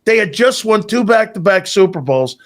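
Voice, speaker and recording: Excitable male co-host, high lively voice, swearing anecdotes. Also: moderate pace. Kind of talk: casual sports talk.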